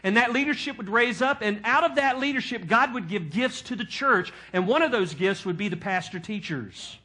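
A man's voice: high-pitched, lively intonation, normal speed, bright, forceful tone. A male pastor preaching a sermon, teaching from scripture and putting questions to his congregation.

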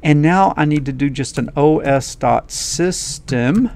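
Man with a gravelly voice, friendly coding teacher addressing viewers directly, casual and upbeat. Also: fairly high pitch, a little slow, a little mellow, a little hiss or hum. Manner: folksy, enthusiastic, talks straight to viewers. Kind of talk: casual screen-recorded lesson.

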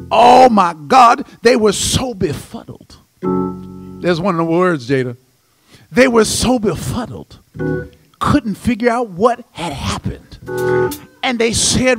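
A man pastor preaching an impassioned, emphatic sermon in a church, his voice swelling to shouts. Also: sits high, big pitch swings, slow pace, vocal fry, long pauses, over music. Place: church sanctuary.

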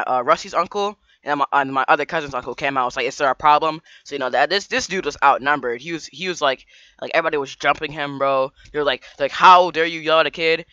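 A man's voice: on the high side, sharp tone, no room sound, muffled recording. A man vlogger telling a story in casual slang, rambling with lots of restarts and fillers.

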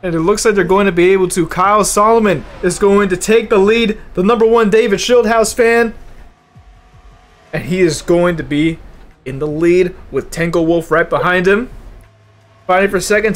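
A young man giving live commentary on an online racing league while driving in it himself, casual and profane, loud and excited at big moments. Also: sits high, moderate pace. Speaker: race commentator and streamer. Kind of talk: live esports race commentary.

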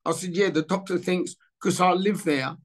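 A man's voice: high voice, normal speed. A man in his sixties telling an anecdote in a casual interview, acting out the dialogue as he goes. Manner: animated storyteller acting out dialogue. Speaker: former footballer interviewee.

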